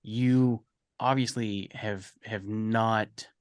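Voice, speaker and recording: A man's voice: lowish voice, fairly even intonation, drawn-out words, dry recording. Dry-sounding man asking winding questions. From Ohio, USA. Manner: long winding questions with restarts. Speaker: podcast host. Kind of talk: casual interview chat.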